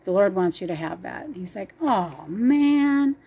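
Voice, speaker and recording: A woman's voice: lowish voice, steady tone, fast talker, creaky, mellow, breathy edge. A woman telling a personal faith story in an earnest, emotional way. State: choked up at times.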